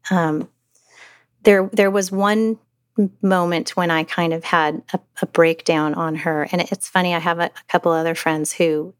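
A middle-aged woman telling a personal story as a mother in an interview, halting with many restarts and fillers. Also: lowish voice, steady tone, no room sound, studio quality.

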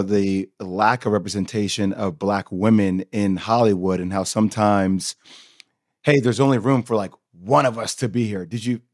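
A man's voice: on the low side, darkish tone, dry recording, studio quality. Man hosting a radio interview. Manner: conversational, asks long questions. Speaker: host.

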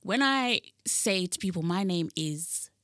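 A young woman from London co-hosting a casual podcast, playful and animated. Her bright voice swings widely in pitch. The sound is dry and close. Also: no room sound. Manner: animated, playful, quick to laugh. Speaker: podcast co-host. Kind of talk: casual chat.

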